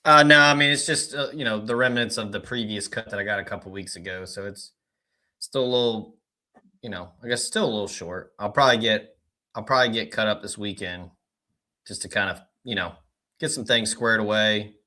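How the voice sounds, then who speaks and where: Low-voiced guy with a bright edge, chill rambly sports podcast guest, lots of ums. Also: a little fast. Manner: relaxed, filler-heavy rambling. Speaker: recruiting analyst guest. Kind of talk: casual podcast chat.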